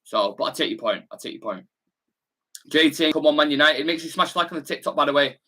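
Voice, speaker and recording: Fast, animated and sharp, his voice sits fairly high. He's a young football fan channel host from Salford, England, with a Salford, Manchester accent, running a watch-along and reading out viewer comments in blunt, slangy chat.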